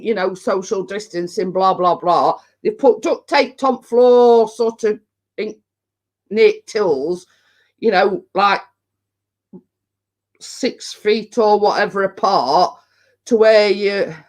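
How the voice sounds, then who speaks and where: A woman's voice: mid-range voice, slow pace. A woman hosting a casual chat stream from home, telling rambling anecdotes and laughing often. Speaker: host of a live chat stream. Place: at home indoors.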